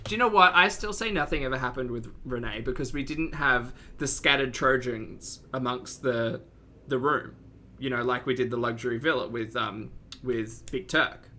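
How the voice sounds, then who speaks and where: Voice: mid-range voice, moderate pace, sharp tone, slight background noise. A reaction commentator with an Australian accent, talking casually with teasing, giggly asides.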